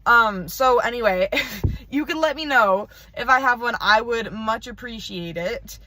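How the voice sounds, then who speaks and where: A woman's voice: a little high, measured pace, bright, forceful tone. A teenage girl records a casual video message from her parked car, rambling and chatty with plenty of "like.". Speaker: video pen pal.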